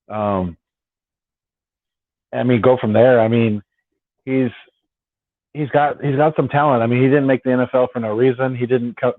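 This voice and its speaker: A medium-pitched man hosts a laid-back late-night fan stream from his home on the West Coast, rambling along and repeating himself. The sound is dry and tinny, like a phone, with no echo.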